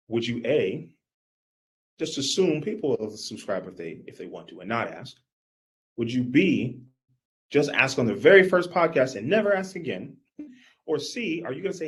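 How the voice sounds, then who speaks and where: A man giving a live coaching workshop, energetic and animated, talking straight to his audience. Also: mid-range voice, moderate pace. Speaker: business coach.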